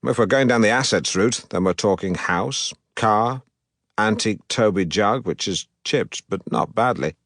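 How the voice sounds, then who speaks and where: A man reading an audiobook as a pompous, self-regarding middle-aged broadcaster, in a deadpan, self-important manner. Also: fairly low pitch, measured pace, dry recording, clean studio sound. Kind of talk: audiobook narration.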